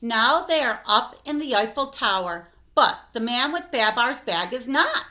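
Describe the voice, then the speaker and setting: A woman reading a picture book aloud for children, expressive, with asides to her listeners. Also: on the high side, a little slow. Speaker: storytime reader.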